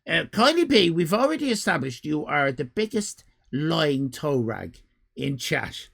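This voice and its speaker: A man hosting a live stream, grading viewers' drawings in a mock-stern, theatrical way and often breaking into shouts. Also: fairly high pitch, big pitch swings, unhurried, vocal fry. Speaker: livestream host.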